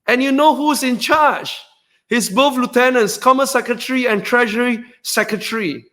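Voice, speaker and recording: High bright-voiced excitable male speaker. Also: moderate pace. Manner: excitable, shouts and whoops for emphasis; drops into a low earnest tone for serious points. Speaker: stock trading webinar host. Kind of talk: motivational webinar talk.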